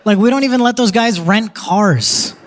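A man's voice: sits high, moderate pace, a little hiss or hum. A young man doing a live stand-up comedy set on a theater stage, joking casually and talking straight to the crowd.

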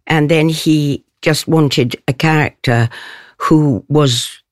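An older stage actress giving an interview. She speaks in a thoughtful, measured way and laughs softly often. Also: deep voice, fairly even intonation, no echo, studio quality.

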